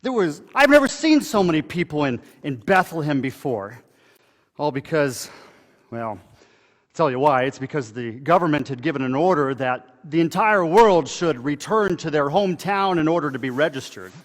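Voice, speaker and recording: A somewhat high-voiced man speaks as a pastor in a church sanctuary, giving a dramatic first-person monologue. His delivery is conversational, full of halting pauses and restarts. His voice rings through a hall with a long, trailing reverb. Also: lively intonation.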